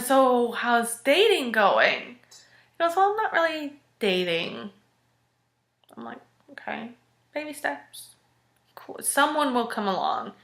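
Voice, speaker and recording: A woman in her thirties telling a personal story in a frank, expressive, casual way. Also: on the high side. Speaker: vlogger. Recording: echoey room.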